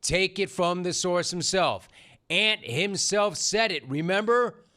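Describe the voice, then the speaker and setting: A man's voice: sits high, slow, pushed and bright. A middle-aged man hosting a sports talk show, delivering an opinionated monologue in a punchy, sarcastic way. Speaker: sports radio host.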